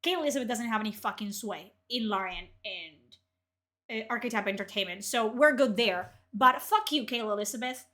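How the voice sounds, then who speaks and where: A woman's voice: fairly high pitch, normal speed. A young woman, furiously ranting and swearing as she reacts to articles on her stream. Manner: furious, profane, shouting outbursts. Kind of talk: angry ranting commentary.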